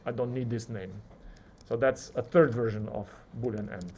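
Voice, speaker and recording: A male lecturer teaching a live coding class, talking through each keystroke and acting out the software's replies. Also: mid-range voice, normal speed, slight background noise.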